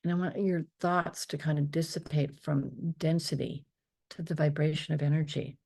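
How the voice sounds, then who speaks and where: Low gravelly lady doing a slow soft guided meditation, half whispering. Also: fairly even intonation. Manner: slow, soft and drifting, often dropping to a whisper on affirmations. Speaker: spiritual teacher leading a meditation.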